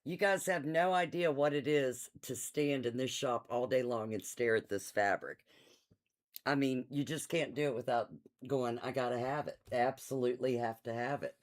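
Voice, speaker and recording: A woman's voice: rumbling low, normal speed. A middle-aged woman hosting a live quilt shop sale in her shop, chatty and enthusiastic, laughing often and reading out item numbers. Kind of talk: casual live-stream sales chat.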